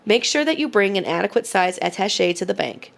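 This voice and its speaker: Menacing kidnapper, played by a woman, slow deliberate reads, a touch of fry. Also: mid-range voice, expressive. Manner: slow, deliberate, mock-foreign delivery. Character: menacing kidnapper reading a ransom note.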